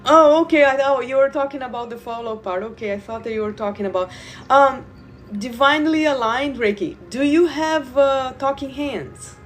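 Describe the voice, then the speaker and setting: A woman who guides Reiki, talking slowly and loosely to viewers in a live stream, repeating words and addressing them directly. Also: sits high, a little hiss or hum. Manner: slow, meandering, repeats words, talks to viewers. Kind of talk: live spiritual stream talk.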